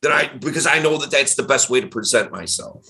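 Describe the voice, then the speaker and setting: A man, a dating coach and podcast host, talking in a casual chat with an animated, emphatic delivery. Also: medium pitch, brisk, gravelly. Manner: animated, emphatic, varied tonality.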